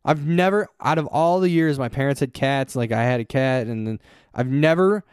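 A young adult man chatting casually as a podcast co-host, swearing often and rambling, with excitable jumps in pitch. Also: normal speed, smooth, no room sound, studio quality. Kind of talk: casual chat.

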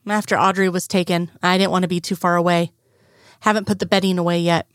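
A woman reading aloud and voicing an easygoing grown man who sounds hurt and unsure, speaking in low-key, murmured replies. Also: little pitch movement, fast talker, clean tone, no room sound, clean studio sound, lightly acted.

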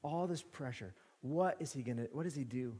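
A man's voice: mid-range voice, a little fast, mellow, slightly rough, long reverb tail. A man preaching an expository sermon, emphatic and repeating phrases for stress.

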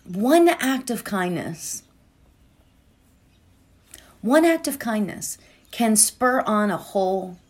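Woman meditation host, slow and rambling, pitch moving up and down a lot, heartfelt casual talk. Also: very animated. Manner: rambling and heartfelt, with many fillers and restarts. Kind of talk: casual spiritual talk before a guided meditation.

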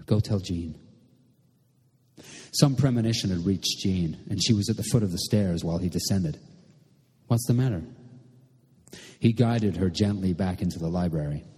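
Husky, mellow-voiced male narrator. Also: low voice, long reverb tail. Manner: measured, literary storytelling. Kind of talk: audiobook narration.

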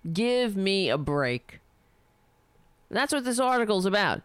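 A woman's voice: mid-range voice, lively intonation, slow, clear, resonant tone, no echo. A woman delivering a heated, sarcastic, profane political rant, speaking for herself. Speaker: political commentator.

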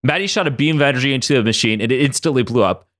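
A man hosting a podcast, narrating a comedic homemade story in a playful, animated way. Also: medium pitch, very fast, no room sound, studio quality. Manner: playful, animated, laughing often. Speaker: podcast host.

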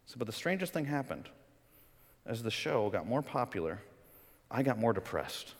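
A man preaching a sermon as pastor, conversational and animated, acting out quoted voices. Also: medium pitch, moderate pace, big-room sound.

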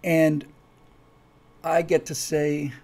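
A man's voice: fairly high pitch, flat delivery, very slow, a little mellow. A man who writes his own story project, chatting casually and enthusiastically to viewers with many restarts.

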